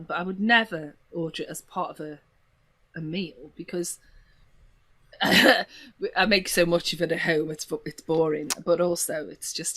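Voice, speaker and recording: An English woman chatting as a podcast guest, telling animated stories with gasps and laughs. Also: fairly low pitch. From England. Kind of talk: casual chat.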